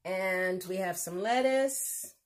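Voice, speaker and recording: A woman's voice: medium pitch, takes it slowly. A woman hosting a casual home cooking demonstration, chatty and exuberant, laughing often as she talks through each step. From United States. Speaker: cooking show host.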